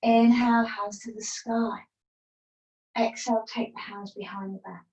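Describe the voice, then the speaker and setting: A woman teaching a yoga class from home over a video call, giving calm breath cues with playful asides. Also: mid-range voice, measured pace. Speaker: yoga instructor. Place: at home, partner downstairs. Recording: roomy, distant from the mic.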